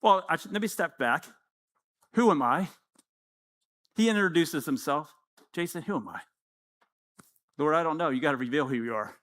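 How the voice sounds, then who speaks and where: A man's voice: fairly high pitch, normal speed, long pauses, a bit bright. A man in his fifties preaching a sermon, acting out little dialogues with the Lord as he goes. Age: 50s. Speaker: pastor.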